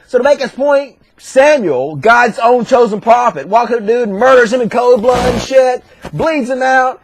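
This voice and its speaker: A man retelling a story as crude, profane comedy, slipping into shouted character voices. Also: extremely high pitch, lively intonation, normal speed, gravelly. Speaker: comedic narrator.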